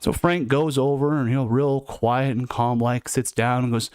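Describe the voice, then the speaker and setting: A man's voice: mid-range voice, fairly even intonation, moderate pace, hardly any pauses, darkish tone, clear, resonant tone, dry recording, studio quality. A man hosting a livestream, telling stories in a conversational, reflective way. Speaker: livestream host recounting incarceration. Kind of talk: casual storytelling monologue.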